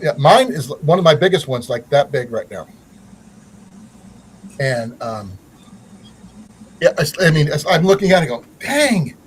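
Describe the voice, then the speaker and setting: A man's voice: on the high side, animated, moderate pace, pauses often, a little hiss or hum, poor audio. A man hosting a casual livestream chat, rambling with many fillers and restarts. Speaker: channel host.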